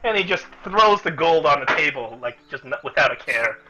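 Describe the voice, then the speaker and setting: A man narrating as game master in an easygoing, rambling way, with a husky voice. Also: on the high side, animated, brisk, muffled recording. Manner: easygoing, restarts a lot.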